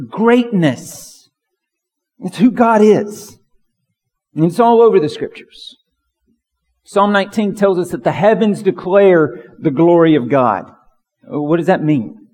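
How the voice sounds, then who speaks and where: A man's voice: sits high, expressive, takes it slowly, a little mellow. Man preaching in a reverberant hall. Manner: emphatic preaching, builds to fervent lists. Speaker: pastor. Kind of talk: sermon.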